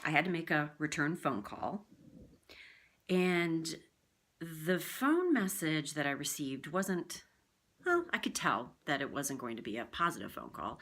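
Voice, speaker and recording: A woman who works as a voiceover artist, talking casually to camera as she gives communication tips and shows vocal warm-ups. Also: low-pitched, measured pace. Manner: lively, chatty, demonstrative. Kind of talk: direct-to-camera tips video.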